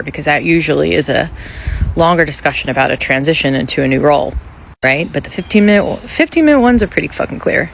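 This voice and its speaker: A laid-off office worker vlogs in a loose, rambling way, swearing freely as worry runs through the talk. The voice sits at a middling pitch and keeps an anxious edge. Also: animated, fairly quick, creaky, a little hiss or hum, rough recording. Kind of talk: casual selfie vlog.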